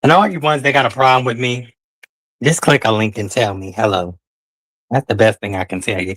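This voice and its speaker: A man's voice: medium pitch, brisk, fairly bright tone, no room sound. A man hosting a casual livestream, talking in a sassy, drawling way and calling his listeners honey and child. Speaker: livestream host.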